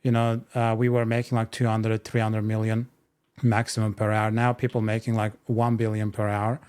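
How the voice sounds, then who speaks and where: A man's voice: fairly low pitch, completely flat delivery, normal speed, a little mellow, smooth. Hesitant man in casual podcast chat. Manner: hesitant, full of "like", "you know" and "uh". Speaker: podcast co-host.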